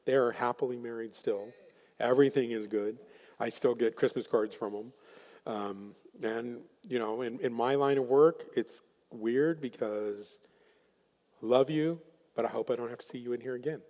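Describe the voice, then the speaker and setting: A man's voice: mid-range voice, normal speed, dark tone, long reverb tail. A man presenting at a workshop, telling a counseling story and acting out his clients' voices. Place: chapel hall.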